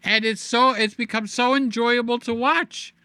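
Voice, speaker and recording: A middle-aged man talks to camera in a loose, animated vlog style, repeating words and cracking jokes as he goes. His voice sits high and comes across bright and smooth. The sound is close and dry, as if picked up on a desk microphone. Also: normal speed, no room sound. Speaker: vlogger host. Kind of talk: casual chat to camera.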